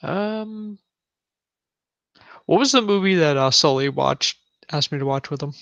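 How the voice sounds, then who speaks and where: A man's voice: fairly high pitch, expressive, measured pace, vocal fry, fairly bright tone, no echo, highs cut off. A man playing a tabletop role-playing game, chatting casually with a dry, joking manner. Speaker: player.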